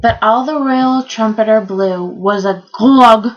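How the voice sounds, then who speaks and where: Woman giving a lively storybook reading. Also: fairly high pitch, slow, lo-fi sound. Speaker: reader. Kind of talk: theatrical reading of a children's book.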